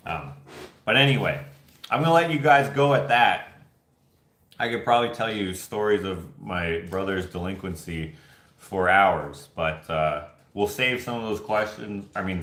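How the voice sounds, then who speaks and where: A man's voice: fairly low pitch, echoey room. A man hosting a casual livestream, telling rambling stories and acting out the voices of the people in them. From Canada. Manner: rambling animated storytelling, acts out voices. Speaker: host. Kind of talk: casual livestream chat, reading viewer comments.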